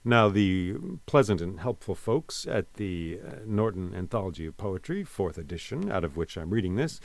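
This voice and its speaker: A man's voice: deep voice, animated, moderate pace, dry recording. A man giving a reflective spoken lesson on a poem, reading lines aloud and explaining them with casual asides. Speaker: poet and teacher.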